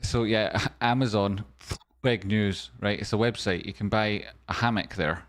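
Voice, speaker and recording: A man's voice: lowish voice, fairly even intonation, a little slow. A man hosting a stock stream, giving a comedic market news rundown with wry, jokey asides. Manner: wry, jokey asides, sudden softer murmurs.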